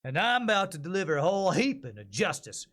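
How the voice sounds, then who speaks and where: A man's voice: high-pitched, big pitch swings, fast, a bit bright, pitched above the performer's own voice. A man doing a drawling Texas marshal. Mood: stern, taunting. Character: gruff Texas lawman, a heroic marshal.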